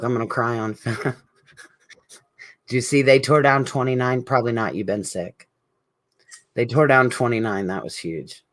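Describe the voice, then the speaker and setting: At a support group meeting, a middle-aged speaker with a medium-pitched, somewhat bright voice addresses an absent friend directly. The tribute is heartfelt, emotional, and rambling.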